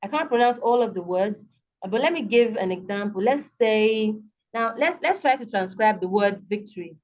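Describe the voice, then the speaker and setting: A woman with a Nigerian English accent tutoring students over a video call, patient and repeating each word slowly. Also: mid-range voice, animated. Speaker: online tutor. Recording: dull lo-fi video call audio.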